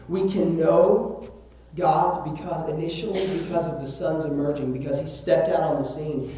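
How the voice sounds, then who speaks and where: Emphatic preacher in an echoey church. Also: male voice, a little high, mellow, a little hiss or hum. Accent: Southern US. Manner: emphatic, repeats words, addresses listeners with "listen" and "right?". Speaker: pastor. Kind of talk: sermon. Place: church sanctuary. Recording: very echoey room, voice from a distance.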